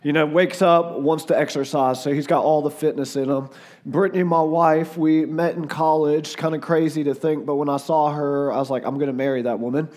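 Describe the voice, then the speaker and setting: A hoarse man in his forties with a Southern US drawl, speaking a touch higher than most men. He chats and jokes through his stories as a guest preacher. He leans on "like" and "uh" as he talks. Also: fairly even intonation, moderate pace, a little mellow. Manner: chatty and joking, lots of "like" and "uh". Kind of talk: casual storytelling before a sermon.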